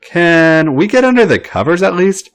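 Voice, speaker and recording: A man's voice: high voice, very animated, normal speed, voice pushed up. A man voicing a cheerful, affectionate young man who teases in a sing-song way. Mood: sleepy. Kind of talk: audiobook-style read fiction.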